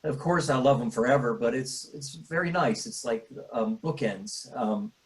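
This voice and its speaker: Man, middle-aged, grieving father, halting speech, tearful, mid-pitched voice. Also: poor audio. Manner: halting, full of fillers and restarts. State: tearful, choked up at times. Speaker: bereaved father. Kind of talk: emotional personal interview.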